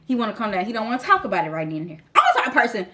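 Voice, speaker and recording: High, lively young woman telling a story. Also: rapid-fire, a little hiss or hum. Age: 20s. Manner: animated, talks straight to viewers. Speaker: vlogger. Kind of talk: casual storytime chat.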